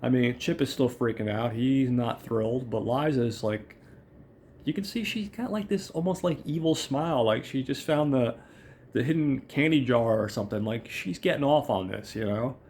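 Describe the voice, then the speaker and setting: Guy rambling through a movie recap, swears a lot, casual chatty host, middle pitch voice. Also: moderate pace, a little mellow, a little hiss or hum. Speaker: podcast host.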